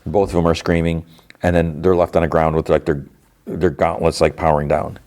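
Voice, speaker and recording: Low-voiced man rambling through a recap. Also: little pitch movement, brisk, darkish tone. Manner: rambling, lots of "like" and restarts. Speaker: podcast host. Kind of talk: casual episode recap.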